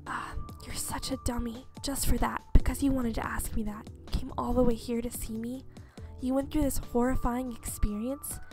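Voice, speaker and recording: A woman reading a game's gentle, protective young male lead in a breathy, hushed whisper. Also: fairly high pitch, fairly even intonation, normal speed, over music, lightly acted. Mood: tender, urgent. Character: gentle protective young man, anxious and tender.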